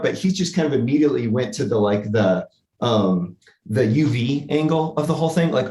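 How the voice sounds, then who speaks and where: A man artist guest on a podcast who tells anecdotes in a lively, animated way. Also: mid-range voice, moderate pace. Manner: animated storyteller, acts out quotes. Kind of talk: casual podcast conversation. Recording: echoey room.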